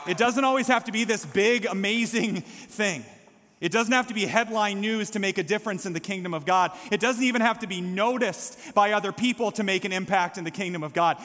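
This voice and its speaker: Male pastor, high tenor, passionate sermon delivery, long reverb of a church sanctuary. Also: a little fast, fairly bright tone. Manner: impassioned, builds to calls for response.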